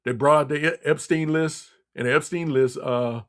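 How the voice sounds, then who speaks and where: A man holds forth on his own radio talk show in a blunt, scolding monologue, circling back to repeat his points. His voice sits a little high for a man. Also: steady tone, normal speed, fairly bright tone. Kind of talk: political commentary monologue.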